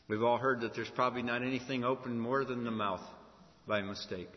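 A man's voice: mid-range voice, steady tone, brisk. A man pastor delivering a sermon, preaching emphatically and asking the congregation rhetorical questions. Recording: echoey hall, dull lo-fi sound.

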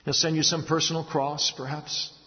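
Earnest male preacher, fairly high voice, long hall reverb, muffled sound. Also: little pitch movement. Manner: earnest preaching, dropping low and slow for stories, rising for emphasis. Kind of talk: sermon.

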